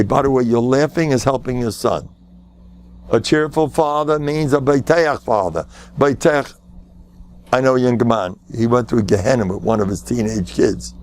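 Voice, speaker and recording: An older man, a rabbi, giving a Torah lecture full of stories, with jokes thrown in and sudden high-pitched jumps for emphasis. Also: a little mellow.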